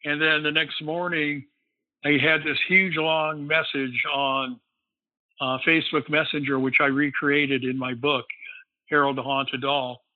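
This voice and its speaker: A man's voice: on the high side, little pitch movement, unhurried, no echo. A man, a guest, casually telling a long story in a rambling way, filled with "you know.". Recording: phone-like line, dry.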